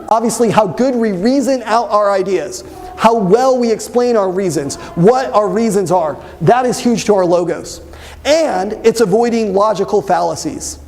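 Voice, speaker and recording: Man, high voice, young adult, debate teacher, lively lecture, questions to students. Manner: animated, asks the class questions. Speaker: debate instructor. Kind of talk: classroom lecture.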